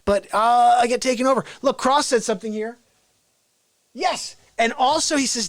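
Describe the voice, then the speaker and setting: A man hosting an unscripted daily live stream, excitable, jumping between shouted bursts and quiet asides. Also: very high voice, moderate pace, no echo. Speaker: host of a daily live show.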